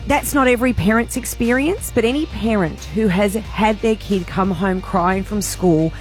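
A woman radio host, speaking in a heartfelt, animated way about a charity appeal. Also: medium pitch, normal speed, faint music behind. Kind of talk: breakfast radio chat.

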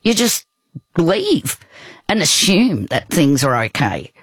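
Slow, husky woman telling a story. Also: on the low side, huge pitch swings, no room sound. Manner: rambling and hesitant, with many restarts. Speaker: guest. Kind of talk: personal storytelling in conversation.

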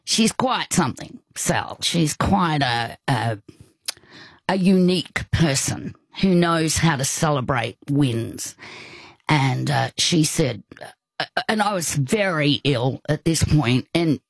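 Slow, husky older woman. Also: low-pitched, animated, dry recording. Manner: halting, with many restarts and asides. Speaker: guest. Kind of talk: storytelling in conversation.

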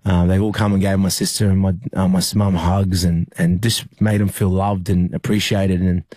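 A young Australian man, a rugby league player, recalling a hard time in an interview, halting with many fillers and restarts. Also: low voice, level tone, warm tone, no room sound, studio quality. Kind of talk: emotional interview recollection.

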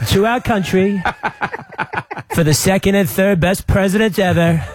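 An Australian man doing an impression of a brash, boastful older male American president, with a put-on American accent and a slow, grandiose delivery. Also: sits high, pitched above the performer's own voice, close to an everyday voice.

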